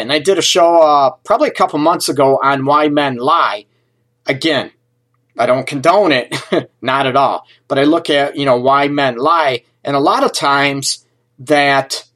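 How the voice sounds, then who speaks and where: A man's voice: fairly high pitch, a bit bright. A man working as a relationship coach, talking on a live stream and answering viewers' comments by name, chatty and often laughing mid-sentence.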